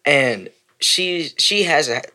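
A man's voice: on the high side, lively intonation, slow, sharp tone. A man on a podcast, chatting casually and making crude, blunt jokes. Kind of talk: casual chat.

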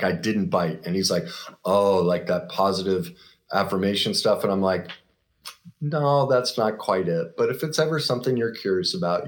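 A middle-aged man with a low-pitched voice tells a personal story as an interview guest. He is earnest and reflective, pausing and restarting as he goes.

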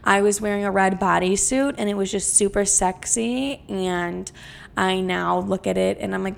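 A young adult woman hosting her own podcast, chatting casually in a brash, heavily profane and animated way. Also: mid-range voice, moderate pace, creaky. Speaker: podcast host. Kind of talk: casual solo podcast chat.

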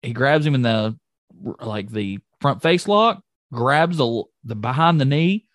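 A man chatting on a podcast, his pitch leaping up and down as he gets worked up. The sound is dry and close, with no room around it. He is excitable and jokey, breaking off mid-sentence and starting over. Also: a little slow, no echo. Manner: excitable, jokey, trails off and restarts. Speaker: podcast co-host recapping wrestling. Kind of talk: casual chat.

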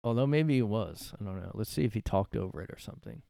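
A man's voice: lowish voice, lively intonation, fast talker, vocal fry, mellow, slight background noise. A man hosting a solo podcast from his room, ranting sarcastically and swearing a lot. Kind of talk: casual ranting monologue.

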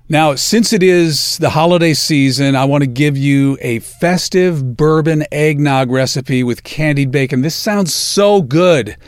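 A man hosting a podcast, talking casually and enthusiastically about food with drawn-out emphasis. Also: on the high side, dry recording, studio quality. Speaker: podcast host.

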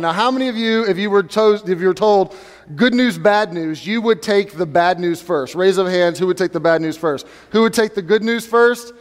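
High-voiced male pastor in an echoey hall. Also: fairly quick. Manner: conversational preaching that addresses the congregation directly. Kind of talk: sermon. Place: church sanctuary. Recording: reverberant church hall.

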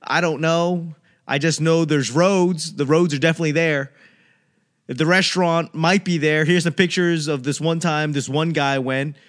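Man playing a clueless talking search engine, vague, a bit high. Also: steady tone, moderate pace, close to an everyday voice. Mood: shrugging. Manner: vague, noncommittal.

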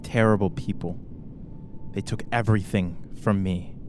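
A man's voice: lowish voice, fairly even intonation, normal speed, over music, lightly acted. A man doing a wary, distrustful reaper woman. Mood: guarded. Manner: curt and guarded.

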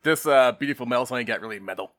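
A man's voice: medium pitch, fast, fairly bright tone, no echo. A man co-hosting a gaming podcast, dropping wry joking asides. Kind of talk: casual podcast chat.

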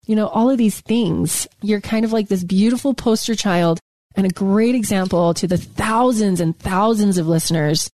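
A woman's voice: mid-range voice, moderate pace, darkish tone. A woman co-hosting a podcast in casual chat, emphatic and fond of repeating her key words. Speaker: podcast co-host.

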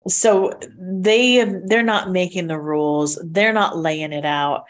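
A woman co-hosting a relaxed talk show, chatting in a lively, storytelling way. Her voice sits a little low for a woman. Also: slow pace. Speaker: co-host. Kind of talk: casual chat.

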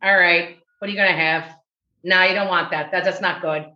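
A woman's voice: on the low side, fairly even intonation, fairly quick, close to an everyday voice. A woman putting on a rude, bossy fifties diner waitress with a Chicago accent, calling customers honey and hurrying them along. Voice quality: brassy, bossy, teasing. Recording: roomy, dull recording.

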